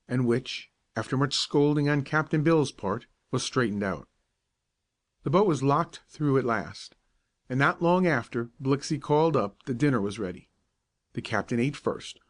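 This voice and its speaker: A man narrating a children's audiobook in a calm, even, measured bedtime reading. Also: mid-range voice. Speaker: storyteller.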